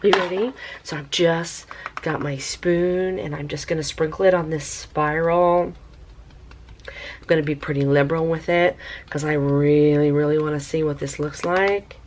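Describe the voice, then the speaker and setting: A woman hosting a casual craft review vlog, chatty and excitable, talking to viewers like friends. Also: normal speed. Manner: bubbly and excitable, squeals with high delight. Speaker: craft video host.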